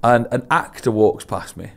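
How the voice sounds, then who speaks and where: A young man co-hosting a podcast, telling an embarrassing story in a casual chat, laughing at himself, his voice swinging between loud and hushed. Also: medium pitch, normal speed, gravelly. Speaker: podcast co-host.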